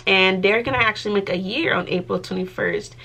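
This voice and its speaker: A woman's voice: mid-range voice, fast, sharp tone. A young adult woman talking casually to her vlog audience, chatty and giggly, with lots of filler words. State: pregnant. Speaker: vlogger.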